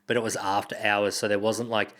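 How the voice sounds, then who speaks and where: A man's voice: fairly low pitch, a little fast. A young man, a comedian guest, telling a story in casual chat, swearing often and laughing as he goes. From Australia. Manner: profane, laughing, animated retelling.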